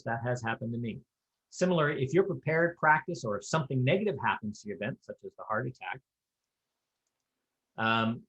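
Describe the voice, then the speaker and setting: A man's voice: mid-range voice, low-quality recording. Folksy man teaching square dance calling. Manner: conversational, folksy and practical, with offhand humor. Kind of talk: instructional talk.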